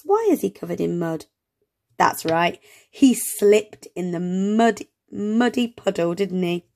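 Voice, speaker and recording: A woman reading an early reader aloud to young children, gently sounding out words and asking encouraging questions. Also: mid-range voice. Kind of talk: children's read-along lesson.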